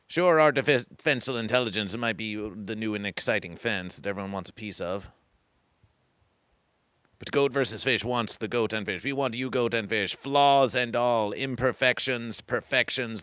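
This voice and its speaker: Bright-toned man preaching comic nonsense. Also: fairly low pitch, normal speed, dry recording. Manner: grandiose, repetitive, preacher-like cadence. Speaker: livestream host. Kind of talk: rambling comic livestream monologue.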